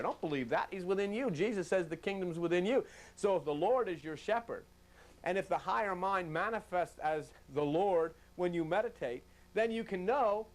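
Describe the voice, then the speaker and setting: Male preacher, fairly high voice, folksy sermon delivery that acts out everyday voices. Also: expressive, normal speed.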